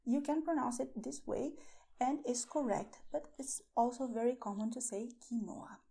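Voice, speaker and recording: A woman teaching beginners to pronounce words, repeating each one slowly and carefully. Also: sits high, creaky, dark tone, slightly rough. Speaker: Spanish teacher. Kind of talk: slow pronunciation lesson for beginners.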